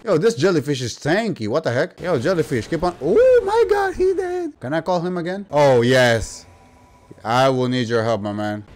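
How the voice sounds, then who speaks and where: A man giving casual gameplay commentary, slangy and playful, breaking into loud excited yelps and exclamations. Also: mid-range voice, normal speed, a little hiss or hum. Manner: slangy, playful banter at the game. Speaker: gaming YouTuber.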